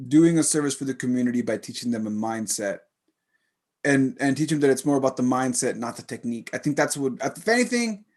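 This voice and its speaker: A man hosting a podcast, speaking calmly as he sums up a conversation. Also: medium pitch. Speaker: podcast host. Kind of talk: casual podcast chat.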